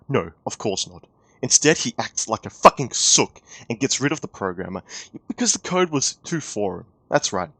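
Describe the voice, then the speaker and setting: A young man rants in a heated, exasperated commentary, swearing freely. His voice sits a little low and sounds close and dry, with no room echo. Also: fairly bright tone. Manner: profane, exasperated, ranting. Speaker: YouTube commentator.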